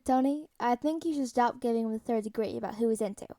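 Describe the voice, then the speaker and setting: Woman voicing a wry deadpan grown man, easygoing, mellow tone, dry sound, storybook. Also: a little high, quick pace, no room sound, natural voice.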